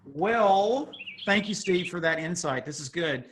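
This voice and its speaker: Over background music, a man with a high, animated, somewhat slow voice hosts a youth group on a video call. He jokes and teases while posing would-you-rather questions, tossing in chatty asides in a playful way. It's casual video call hosting.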